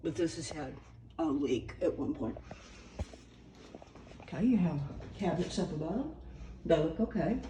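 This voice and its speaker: A woman's voice: sits low, expressive, unhurried, pauses often, warm tone, a little hiss or hum. A woman giving a casual walkthrough of an empty house, chatty and unsure, thinking aloud with many fillers. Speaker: real estate agent giving a property tour. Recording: echoey empty rooms.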